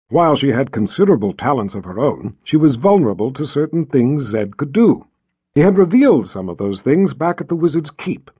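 A man's voice: mid-range voice, warm tone, husky, no room sound, studio quality. A man reading a fantasy novel aloud as an audiobook narrator, telling the story expressively and voicing every character. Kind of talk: scripted narration.

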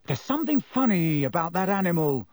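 A hot-headed schoolboy, voiced by a man, snaps out blunt, angry lines. The voice swings widely in pitch and sits a bit above a typical man's. It is read close and dry, like a storybook character. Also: sing-song, brisk, darkish tone, no room sound. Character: hot-tempered teenage boy, sulky and protective. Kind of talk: audiobook character voice.

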